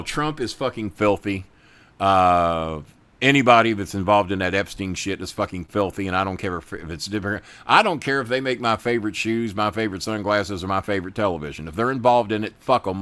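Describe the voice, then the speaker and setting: Middle-aged male host, bright forceful voice, dry close sound, profane ranting. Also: fairly low pitch, no echo. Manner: angry, profane, loud, talks to chat viewers. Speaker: podcast host. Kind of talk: profane political rant and casual chat.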